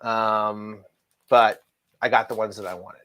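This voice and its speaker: A man's voice: fairly low pitch, fairly even intonation, measured pace, pushed and bright. A man co-hosting a casual comic book show, rambling, restarting his sentences and laughing often. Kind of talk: casual chat.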